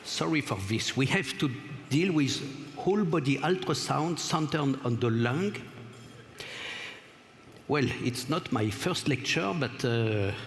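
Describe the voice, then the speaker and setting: A man's voice: mid-range voice, fairly bright tone, a little hiss or hum. Male lecturer, French accent, hesitant delivery, reverberant hall. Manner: apologetic, halting, with frequent pauses and fillers. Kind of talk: conference lecture. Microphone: stage microphone.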